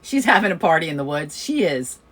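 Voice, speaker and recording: A woman's voice: sits low, a little fast, slightly rough. A woman, chatting casually as host and telling a story, laughing often and acting out the people she quotes. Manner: chatty, laughs often, animated quoting of others. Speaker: host of a community coffee chat.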